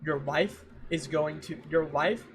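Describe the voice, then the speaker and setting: A man streaming and chatting casually with viewers, ranting in an animated, exasperated way and repeating himself for emphasis. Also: on the high side, slow pace, over music. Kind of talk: casual livestream chat with viewers.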